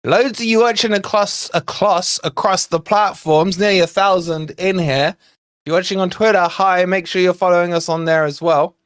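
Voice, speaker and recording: Excitable fan commentating live. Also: male voice, high voice, normal speed, clean tone. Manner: excitable, shouts at chances and fouls; chatty, talks to viewers and co-host. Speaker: fan channel host. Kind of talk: live watch-along commentary.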